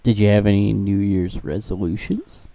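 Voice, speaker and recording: A man co-hosting a podcast in casual chat, unhurried and deadpan, swearing casually. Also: fairly low pitch, creaky. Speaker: podcast co-host.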